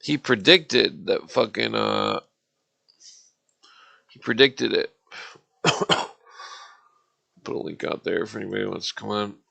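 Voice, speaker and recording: A man's voice: on the low side, slow, vocal fry, long pauses, bright, forceful tone. A man hosting a livestream, ranting angrily and profanely in a rambling way, with restarts. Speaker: livestream host.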